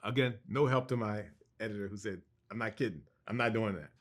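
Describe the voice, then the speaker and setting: A middle-aged man, a cartoonist guest, telling a long personal story in an interview, animated and stumbling over restarts. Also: lowish voice, brisk.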